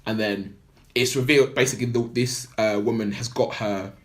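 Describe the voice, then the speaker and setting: A man's voice: mid-range voice, fairly even intonation, moderate pace. A man on a podcast, casually recapping a film plot in a rambling way full of "like" and "blah blah". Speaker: podcast co-host.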